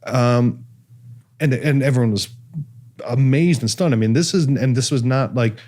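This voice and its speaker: A man's voice: mid-range voice, normal speed, a little mellow. A man from Cleveland hosting a casual talk show, telling a story with lots of fillers and restarts. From Cleveland, USA. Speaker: podcast host. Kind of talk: casual chat.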